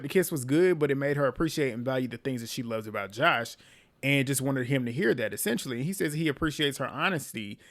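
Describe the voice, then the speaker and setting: A man talks through a reality show episode in a relaxed, conversational recap. He drops sarcastic asides and laughs at the people he describes. His voice sits at an ordinary middle pitch. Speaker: recap host.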